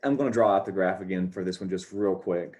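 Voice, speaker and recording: A man delivers a recorded lecture in a fairly low voice. He walks through each step patiently, repeating key points and pausing to ask if it makes sense. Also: a little mellow. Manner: explains step by step, repeats key points, asks checking questions. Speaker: economics lecturer. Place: talking over scribbled notes, not at a board.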